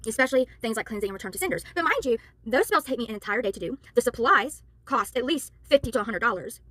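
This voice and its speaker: A tired, worn-out woman who works as a spiritual worker and tarot reader, ranting to camera in a heated, exasperated way and apologizing for yelling. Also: fairly high pitch, animated, fast, dry recording.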